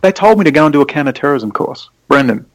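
A man, a podcast guest, telling rambling, excitable stories in casual conversation. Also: fairly high pitch, rapid-fire, dry recording, rough recording. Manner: rambling, excitable storytelling with sudden animated spikes.

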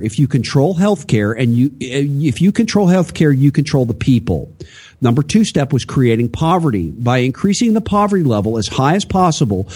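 A man's voice: mid-range voice, mellow, breathy edge. A man co-hosting a political talk show, lecturing in a preachy way with rhetorical questions. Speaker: podcast co-host.

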